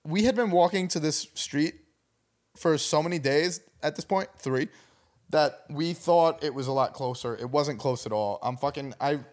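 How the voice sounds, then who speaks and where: A man's voice: on the high side, normal speed, darkish tone. A young man telling a rambling, profane story in casual chat.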